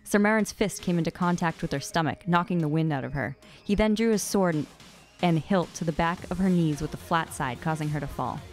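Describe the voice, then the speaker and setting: A woman's voice: sits low, brisk, hardly any pauses, soft background music. A woman podcast co-host reading fan fiction aloud, often breaking into giggles.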